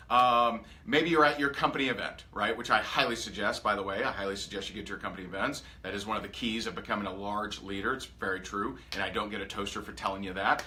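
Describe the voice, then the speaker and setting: An energetic man leads a coaching session with a bright, forceful voice. He talks to his group with lots of drive and animation, slipping into quick acted-out examples of what to say. His pitch sits in an ordinary middle range. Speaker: sales coach. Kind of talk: motivational training talk.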